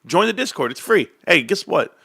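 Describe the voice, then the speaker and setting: 40s guy ranting to his viewers, jokey and all over the place, pitch bouncing up and down. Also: sing-song, normal speed, vocal fry, bright, forceful tone, breathy edge, no echo, clean studio sound. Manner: rambling, joking, tangent-prone. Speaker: stock market vlogger. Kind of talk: casual rant to viewers.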